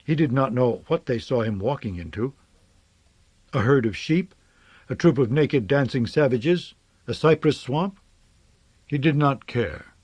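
Guy reading an audiobook, calm n measured, pitch moves a lot, dry close sound. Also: slightly rough, no room sound. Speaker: narrator. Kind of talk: audiobook narration.

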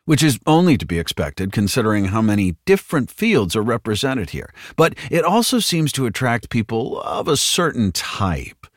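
A man voicing a slick, overconfident corporate spokesman with a smooth news-anchor cadence. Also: mid-range voice, very animated, normal speed, hardly any pauses, no echo, clean studio sound, voice pushed up. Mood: hearty.

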